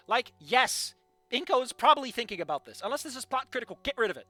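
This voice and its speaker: A man's voice: very high voice, fairly quick, long pauses, dry recording, faint music behind. A young man reading fan fiction aloud and critiquing it in a sarcastic, profane rant. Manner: animated, sarcastic, profane ranting.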